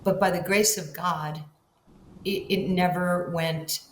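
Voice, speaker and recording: An older woman tells stories in an interview, her voice sitting fairly low. She acts out quoted lines with big swings in pitch. The sound carries an echoey room with faint ambient hiss. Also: fairly even intonation, slow. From Far Rockaway, Queens, New York. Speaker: guest, basketball Hall of Famer. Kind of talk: storytelling in a podcast interview.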